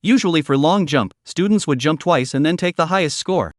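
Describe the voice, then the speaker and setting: A man with a fairly high voice reads out a story recap, steady and a little stiff in his phrasing. The sound is dry and close, with no room around it. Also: brisk, no room sound. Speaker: narrator. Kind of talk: scripted story recap narration.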